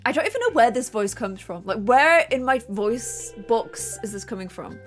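Bubbly gaming host woman, high lively voice, music underneath. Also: moderate pace. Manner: bubbly, giggly, chatty. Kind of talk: casual gameplay chat.

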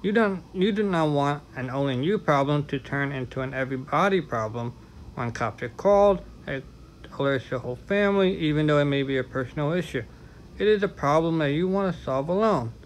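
A man's voice: on the high side, lively intonation, fairly quick, a little hiss or hum, rough recording. A man vlogging in a casual talk to camera, frank and candid, with chatty asides.

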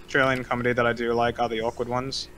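A man's voice: medium pitch, monotone, quick pace, sharp tone. A young man joining a casual stream chat, joking and rambling through his stories. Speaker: stream guest.

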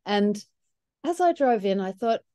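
A woman's voice: medium pitch, expressive, a little slow, mellow, no room sound, clean studio sound. An older woman hosting a casual group conversation, telling reflective stories and laughing often.

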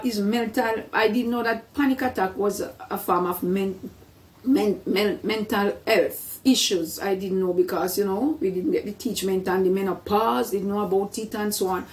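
A woman's voice: medium pitch, far from the mic. A middle-aged woman telling her personal story in a casual vlog, earnest and full of faith, often repeating her words. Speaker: vlogger.

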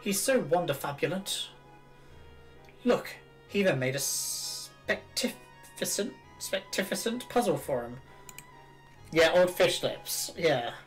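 A man's voice: on the high side, very animated, slow, faint music behind. A man streaming a video game, chatting casually in a self-mocking way and reading the dialogue aloud. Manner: chatty, self-mocking, laughs at his own jokes.

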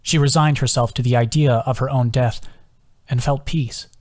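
A man, the author, reading his own novel aloud as an audiobook narrator, in an even, measured way with hushed quoted lines. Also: mid-range voice.

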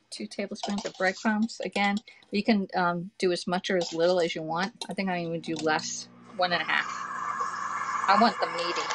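A woman's voice: lowish voice, very noisy. A woman, hosting a live cooking stream from her home kitchen, chatting with viewers and reading their comments aloud. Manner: chatty, reads viewer comments aloud, talks to the audience with "y'all" and "okay".

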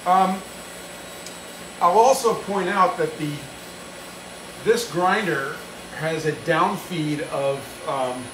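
A fairly high-voiced man talks easily and casually as he demonstrates shop work. He chats, reads out viewer comments and cracks small jokes at his own expense. A faint machinery hum sits under his voice on the stream. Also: takes it slowly, long pauses. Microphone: phone live stream.

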